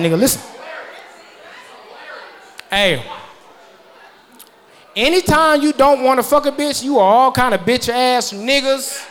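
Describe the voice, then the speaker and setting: A man in his thirties performing a stand-up comedy set, loud and profane, laughing at his own jokes as the audience laughs. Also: very high-pitched, animated, takes it slowly, long pauses. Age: 30s.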